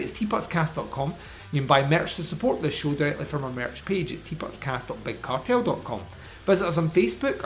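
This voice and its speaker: A man, hosting a podcast, running through disc features and show plugs in a casual, chatty way. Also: fairly high pitch. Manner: chatty, reads plugs and specs in a quick run. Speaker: podcast host. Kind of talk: podcast outro and announcements.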